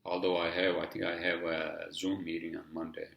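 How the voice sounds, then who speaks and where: A man's voice: low voice, flat delivery, normal speed, vocal fry, roomy sound, dull audio. A man with a heavy accent hosting a podcast alone, rambling casually and swearing often, with many "you know" fillers. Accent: heavy non-native English accent. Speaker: podcast host. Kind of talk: casual solo podcast monologue.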